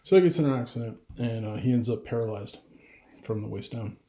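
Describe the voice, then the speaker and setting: A man's voice: medium pitch, a little fast, mellow, reverberant. A middle-aged father talking casually to camera, rambling with restarts and getting emotional. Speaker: vlogger.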